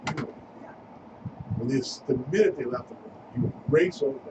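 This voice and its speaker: A man's voice: medium pitch, brisk. A man hosting a casual, crude radio-show chat with friends, telling joking stories. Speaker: podcast host. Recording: distant mic, noisy room.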